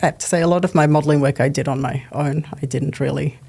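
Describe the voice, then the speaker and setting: A woman hosting an interview in a relaxed, chatty way, asking short questions and laughing easily. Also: sits low, quick pace, gravelly, slightly rough. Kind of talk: casual chat.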